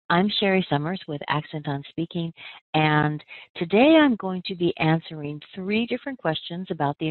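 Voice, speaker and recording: An American woman with a low voice teaches pronunciation, slowing down to spell out each sound with care. Her voice is close and dry, heard over a narrow phone-like band. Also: dry recording. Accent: General American. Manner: slow, careful enunciation of sounds. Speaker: accent trainer. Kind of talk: pronunciation lesson.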